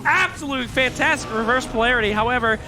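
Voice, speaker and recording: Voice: mid-range voice, quick pace, music in the background. A play-by-play caster calling a live video game match on a headset, joking and irreverent in banter with a co-caster.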